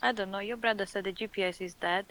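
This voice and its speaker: A woman's voice: mid-range voice, fairly even intonation, quick pace, a bit bright. A middle-aged woman chatting casually over a voice call, speaking plainly and matter-of-factly. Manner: matter-of-fact, plain-spoken. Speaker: tabletop game player. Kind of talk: casual chat.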